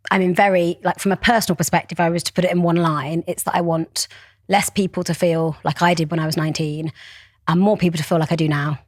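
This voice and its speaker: Woman, thirties, articulate, emphatic, low-pitched, dry sound. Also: no echo. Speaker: brand founder, guest. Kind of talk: podcast interview.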